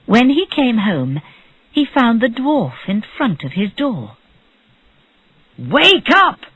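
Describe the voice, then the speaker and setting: Slow, breathy storybook narrator. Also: mid-range voice, sing-song, no room sound, poor audio. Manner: clear, measured storytelling. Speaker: audiobook narrator. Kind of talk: slow graded-reader narration.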